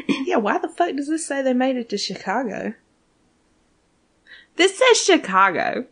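A woman's voice: high-pitched, a little slow. A woman in casual chat, recapping a TV show with lots of swearing and acted-out lines. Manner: animated, swears freely, acts out characters. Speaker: podcast co-host.

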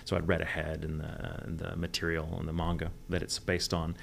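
A man's voice: very deep voice, completely flat delivery, a little fast, vocal fry, slight background noise. A man from the United States, a voice actor guest, chatting candidly in a rambling interview and swearing freely. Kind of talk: casual interview chat.

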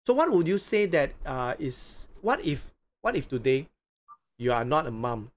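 A man hosting a live interview show, speaking deliberately with hesitant fillers and repeating phrases slowly. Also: mid-range voice, big pitch swings.

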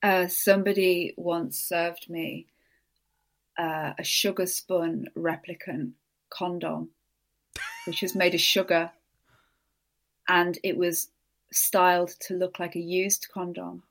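A woman's voice: flat delivery, slow pace, long pauses. A woman, a podcast guest telling funny stories in casual chat, laughing often. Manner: chatty storyteller, laughs a lot, mimics others in high voices.

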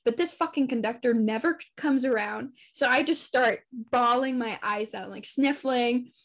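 A young woman co-hosting a podcast, telling a story in casual chat, animated, swearing and laughing often. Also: a little high, normal speed. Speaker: podcast co-host.

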